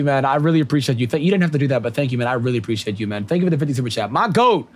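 Lively slang-heavy male streamer. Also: mid-range voice, racing, hardly any pauses. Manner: animated, slangy and profane, laughs a lot. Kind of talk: casual livestream chat with viewers.

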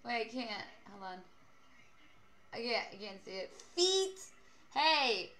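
Young woman streamer, bright and a bit high, playful and profane banter. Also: a little slow. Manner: playful, teasing, swears a lot. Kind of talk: casual gaming stream chat.

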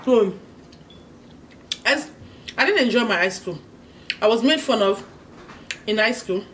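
A Nigerian woman speaking Nigerian English hosts her channel's laid-back mukbang, her voice on the high side, expressive, and fairly bright. She tells a story between bites, humming in enjoyment. Her mic is slightly distant, and faint background noise is audible.

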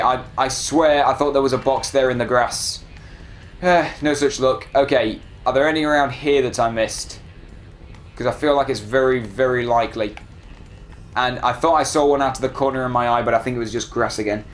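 A man giving casual, excitable commentary while playing a video game and talking back to it. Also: medium pitch, moderate pace, soft background music. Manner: chatty, excitable, self-deprecating, talks to the game. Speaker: let's play gamer.

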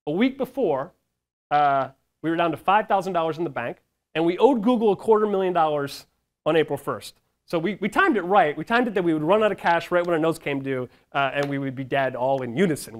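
A man with a fairly high voice tells a story in a casual conference talk. He is lively, acts out the people in his tale, and fills pauses with plenty of ums. He swears now and then. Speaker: founder speaking to startup founders.

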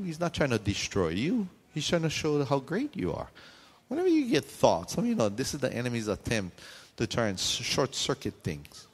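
Joking preacher in a reverberant hall. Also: male voice, mid-range voice. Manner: conversational, joking asides to the congregation; frequent questions and call-outs to the audience. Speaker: pastor. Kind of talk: sermon.

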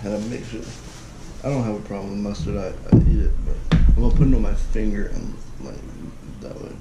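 Guy doing a taste challenge vlog, kinda low voice, lots of ohs and groans, loud noisy background. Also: fairly even intonation, brisk. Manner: chatty, exclaiming and groaning at bad tastes. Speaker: vlogger. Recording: echoey room with loud background noise.

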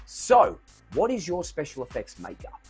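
A man's voice: a little high, wildly swooping pitch, normal speed, slightly rough, soft background music. A man hosting an online show in a playful, theatrical, jokey way. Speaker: host.

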